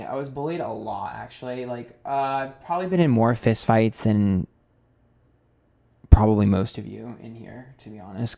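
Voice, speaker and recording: A man's voice: on the low side, creaky. A man in his thirties with a New York accent, chatting on a live stream and reading viewer comments aloud. He talks loosely and candidly, swearing freely, with plenty of fillers. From Queens, New York. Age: 30s. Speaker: psychic tarot reader streaming live.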